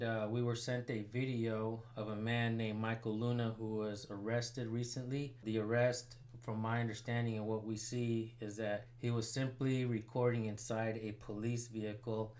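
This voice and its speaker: A man's voice: medium pitch, a little mellow. A man hosting a citizen journalism channel, commenting casually and pressing a sheriff's station by phone. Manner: casual, rambling, filler-heavy.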